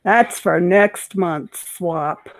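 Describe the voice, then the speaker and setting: A woman's voice: lowish voice, extremely slow. A woman co-hosting a casual craft livestream chat, easygoing and playful.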